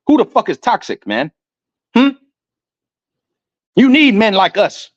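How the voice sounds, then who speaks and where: A man giving a ranting commentary, loud and emphatic, stumbling over repeated words as he reads definitions aloud. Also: high voice, sing-song, a little slow, dry recording. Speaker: online commentator. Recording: dull lo-fi dry sound.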